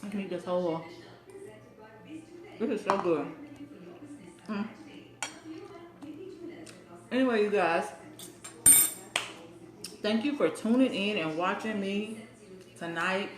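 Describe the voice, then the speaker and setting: A woman chats easily with her viewers as she cooks and snacks, sometimes with her mouth full. Her mid-pitched voice rings a little in an echoey home kitchen, with the clink of dishes and cutlery now and then. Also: slow, pauses often, over music. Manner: chatty, talks with her mouth full while eating. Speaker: cooking show host. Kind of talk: casual livestream cooking chat.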